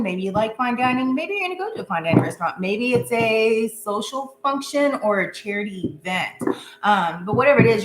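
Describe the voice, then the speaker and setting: A woman giving a casual live tarot reading, chatty and goofy, laughing often. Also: medium pitch. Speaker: tarot reader. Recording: echoey room with faint hum.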